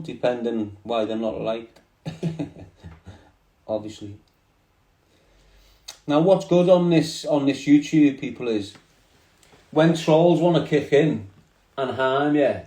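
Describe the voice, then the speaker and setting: A man with a medium-pitched, dark-toned voice and a Liverpool accent hosts an easygoing phone livestream. He drifts along in street slang, addressing his viewers directly, and the room echoes.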